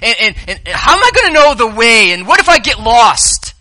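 A man voicing an anxious male disciple who asks halting, worried questions. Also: extremely high pitch, very animated, pushed and bright, no echo, voice pushed up, exaggerated voice.

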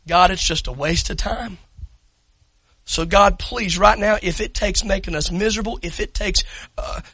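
Preacher, male, very high and sharp-toned, impassioned delivery. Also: dry recording, rough recording. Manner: impassioned preaching, shouting and breaking into tears at peaks. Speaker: pastor. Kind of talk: sermon.

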